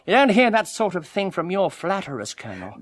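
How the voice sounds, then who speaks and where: A man's voice: high-pitched, big pitch swings, a little fast. An actor playing a pompous, domineering male household tyrant in a radio drama, sanctimonious and theatrical. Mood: sneering. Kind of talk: 1980s radio drama acting.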